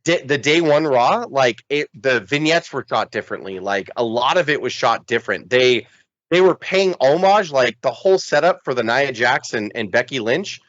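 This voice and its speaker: A man co-hosting a wrestling podcast in casual chat, animated and swearing, acting out quotes. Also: medium pitch, normal speed, dry recording, lo-fi sound. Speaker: podcast co-host.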